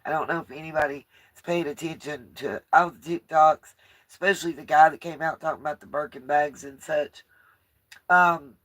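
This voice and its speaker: A woman's voice: low-pitched, steady tone, normal speed, a bit bright. A woman vlogging from inside a parked motorhome, chatting to her viewers in a rambling, plain-spoken way. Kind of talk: casual chat to camera.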